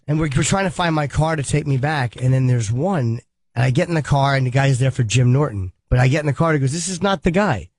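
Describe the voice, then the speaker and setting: A male radio host riffing quickly with his co-hosts. His delivery is brisk and crude, recorded close on a studio mic with no room sound. He sits at a middle pitch. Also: darkish tone, dry recording. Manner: fast, joking, profane. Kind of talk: casual radio banter. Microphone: studio microphone.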